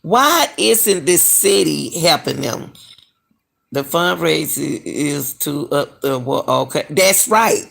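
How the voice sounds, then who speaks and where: Woman, middle-aged, deep, heavy vocal fry, casual live-stream commentary. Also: animated, takes it slowly, fairly bright tone. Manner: talks to viewers as "y'all", questions and mocks what she reads. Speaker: commentary channel host.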